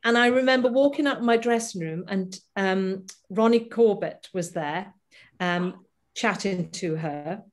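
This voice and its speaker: A middle-aged woman, a stage performer, telling lively anecdotes in a casual interview over a video call. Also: mid-range voice, unhurried. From Wales. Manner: animated, laughing anecdotes with acted-out quotes. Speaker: guest performer.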